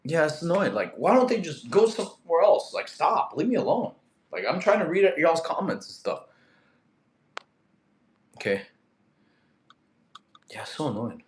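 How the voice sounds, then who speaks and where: A young man from Russia, a fitness streamer reading live chat, animated and quick to get annoyed at spammers. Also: a little high. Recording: echoey room.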